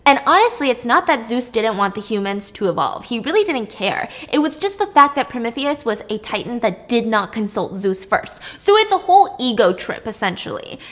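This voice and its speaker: A woman's voice: fairly high pitch, very animated, fairly quick, few pauses, fairly bright tone. A young woman retelling a myth to a friend in a chatty, blunt, laughing way. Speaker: podcast host.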